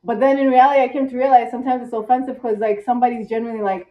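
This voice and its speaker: A tired young woman vlogging casually in one take, chatty and dramatic, with squeaky rhetorical questions. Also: fairly even intonation, quick pace, few pauses. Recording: echoey room, distant, dull mic.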